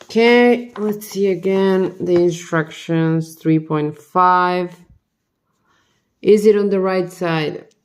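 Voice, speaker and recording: A woman's voice: lowish voice, slow, smooth. A tired woman vlogger talking to herself as she builds a model kit, muttering the same questions over and over. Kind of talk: casual talk while building.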